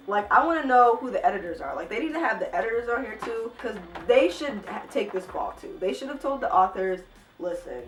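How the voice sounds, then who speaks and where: A woman's voice: mid-range voice, animated, brisk, distant mic, faint music behind. A young woman reacting to book passages in a vlog, with exasperated, incredulous commentary. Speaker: book vlogger. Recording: echoey room, a little off-mic.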